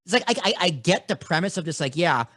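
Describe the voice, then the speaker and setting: A young adult man with a Boston accent, hosting a podcast and telling stories in a blunt, animated, casual way. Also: a little high, fast talker, no room sound, studio quality. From Boston, USA. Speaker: podcast host.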